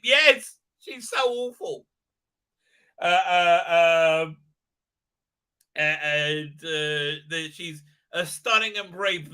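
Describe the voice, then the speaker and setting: A man's voice: fairly high pitch, bright, forceful tone, low-quality recording. A man hosting a livestream, ranting crudely and profanely, rambling with constant filler sounds. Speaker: channel host. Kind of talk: livestream commentary rant.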